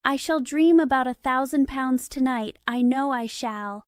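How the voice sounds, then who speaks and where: A polite, anxious young girl, voiced by a woman reading aloud speaks earnestly and a little impatiently. The voice is slightly high and close-miked. Nothing is done to disguise it. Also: a little slow, clean tone, dry recording.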